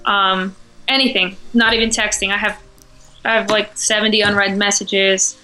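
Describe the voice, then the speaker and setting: Bright, confident woman guest. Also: medium pitch, level tone, normal speed, faint music behind, poor audio. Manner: confident, self-assured, laughs often. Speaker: interview guest. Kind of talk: casual interview chat.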